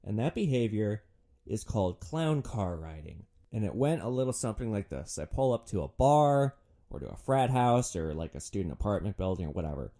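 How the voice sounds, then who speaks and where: A man's voice: on the low side, brisk. Sardonic young man telling a story. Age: young adult. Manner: sardonic, profane, animated. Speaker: podcast host, former rideshare driver. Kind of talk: comedic storytelling monologue.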